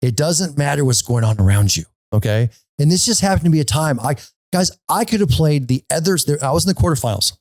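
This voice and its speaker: His voice sits on the high side and moves fast on a dry recording as this man hosts a golf podcast. Telling his story casually and with animation, he repeats points and keeps asking "okay?".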